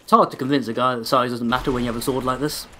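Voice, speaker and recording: A man's voice: medium pitch, fairly even intonation, racing, sharp tone, soft background music. A man with a sore throat giving rambling, sarcastic let's-play commentary, swearing often as he plays. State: sore throat, voice held back. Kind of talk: casual gameplay commentary.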